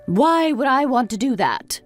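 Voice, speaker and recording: A woman's voice: high-pitched, very animated, measured pace, faint music behind. A woman voicing an exasperated, scolding mother. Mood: dismissive. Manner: reproachful, fires off questions. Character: exasperated middle-aged mother scolding her drunk grown son. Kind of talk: texting-story voice-over.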